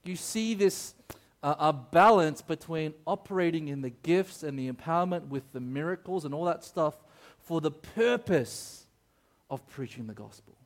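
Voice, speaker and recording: A male preacher with a somewhat high voice who delivers his sermon like a chat. He keeps checking in with the crowd, and he stumbles and restarts as he tells his story. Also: animated, moderate pace. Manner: many fillers and restarts when telling stories.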